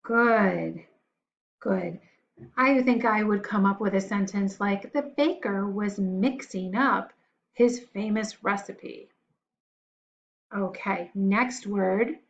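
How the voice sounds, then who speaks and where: A woman teacher walks young children through their spelling words, sounding out each one letter by letter in a patient, encouraging way. She speaks at an unhurried pace, and the recording has a dull, lo-fi sound. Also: mid-range voice, vocal fry, a little hiss or hum.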